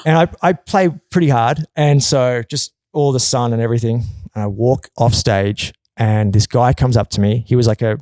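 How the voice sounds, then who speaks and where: A man telling a long, animated story in a casual podcast chat, often swearing and acting out quotes in a loud, high voice. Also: moderate pace, few pauses, dry recording. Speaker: podcast guest.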